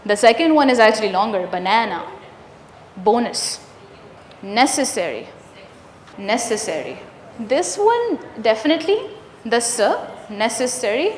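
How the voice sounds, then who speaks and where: A woman's voice: a little high, slight background noise. Patient woman trainer in an echoey hall. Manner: clear, patient, drills sounds slowly and quizzes the room. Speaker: workshop trainer. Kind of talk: live teacher workshop. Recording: roomy hall reverb, faint ambience.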